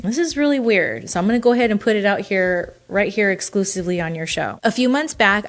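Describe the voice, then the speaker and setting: A woman talks as a guest in a relaxed interview, candid and animated. She laughs easily and drops casual swearing as she tells her stories, at a middle pitch for a woman. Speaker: guest, former wrestler.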